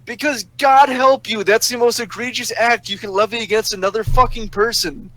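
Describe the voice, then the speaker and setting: Man with a high-pitched voice, venting a foul-mouthed, exasperated rant into a voice chat mic. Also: steady tone, moderate pace, bright, forceful tone, poor audio. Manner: profane, exasperated ranting. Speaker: voice chat participant. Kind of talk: ranting story on a voice call. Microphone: voice chat microphone.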